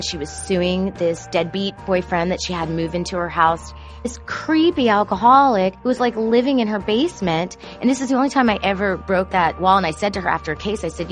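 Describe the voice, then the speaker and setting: A woman who produces court shows tells candid, confessional stories about her job and grows animated when she quotes herself. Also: mid-range voice. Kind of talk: personal storytelling.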